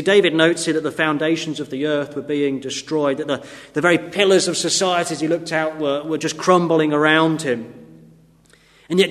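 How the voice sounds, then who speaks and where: A man preaching an earnest sermon, swinging between emphatic rises and quiet drops. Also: fairly high pitch. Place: church. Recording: long reverb of a church hall.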